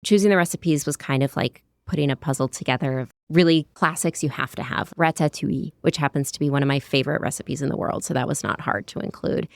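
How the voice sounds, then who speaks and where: Woman, American accent, low voice, gravelly, chatty interview guest, dry close mic. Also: fast talker, hardly any pauses, no echo. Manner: chatty, descriptive, frequent "like" and "you know". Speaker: cookbook author guest. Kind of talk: conversational interview.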